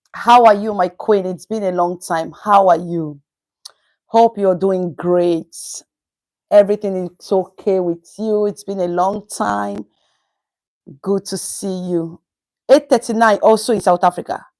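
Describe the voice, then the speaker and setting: A woman's voice: on the low side, a little mellow, poor audio. A woman with a Nigerian accent hosting a casual livestream from home, chatting and greeting viewers by name. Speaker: livestream host.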